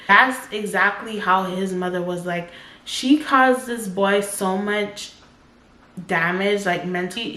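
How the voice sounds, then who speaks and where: Woman, 20s, middle pitch, casual storytelling vlog, rambling "like" fillers, roomy echo. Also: a bit bright. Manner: talks in loose run-on sentences full of "like". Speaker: storytime vlogger.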